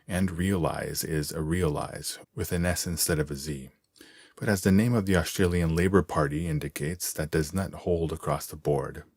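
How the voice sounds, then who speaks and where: Very deep-voiced man reading a column. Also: darkish tone, dry recording, studio quality. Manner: measured, clear reading. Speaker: reader of an English column. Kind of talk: scripted narration.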